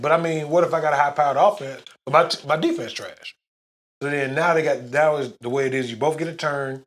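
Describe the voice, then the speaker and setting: A man with a somewhat high voice walks his friends through football rules on a podcast. He argues his points plainly in casual banter. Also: a little fast. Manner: explains rules, argumentative. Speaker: podcast co-host.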